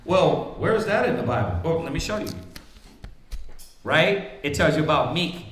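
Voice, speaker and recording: A man's voice: a little high, lively intonation, moderate pace, a bit bright, roomy sound, faint music behind. A man preaching in a casual, conversational way, often asking "right?" and acting out the voices of the people he quotes. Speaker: priest teaching scripture.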